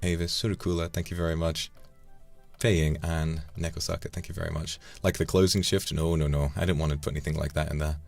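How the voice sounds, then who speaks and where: A man's voice: a bass voice, little pitch movement, fast, vocal fry, a little mellow, faint music behind. A man casually chatting on a livestream, swearing now and then and tripping over repeated words. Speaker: streamer.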